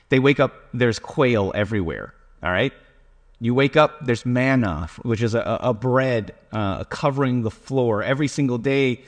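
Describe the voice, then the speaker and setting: A man preaching a sermon in a conversational, self-deprecating way, with many fillers. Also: medium pitch. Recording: reverberant hall.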